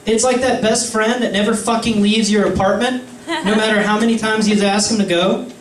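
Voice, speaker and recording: High-voiced young comic, echoey room. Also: male voice, brisk, a little hiss or hum. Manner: animated storytelling, switching voices and yelling in bits. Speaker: stand-up comedian. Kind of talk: stand-up comedy set. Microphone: stage mic. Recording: echoey room, distant mic.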